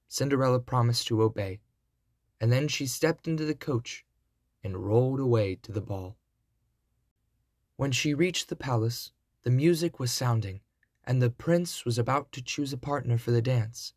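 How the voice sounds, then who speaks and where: A man reading a classic fairy tale aloud, in a deliberate storybook narration. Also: mid-range voice, darkish tone, dry recording, studio quality.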